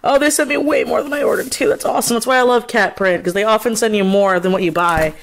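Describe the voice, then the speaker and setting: Her voice is on the high side with fairly even intonation, and she talks fast over a low-quality recording. In this casual vlog, a woman artist first rants and curses a lot as she vents, then turns chatty while displaying her prints.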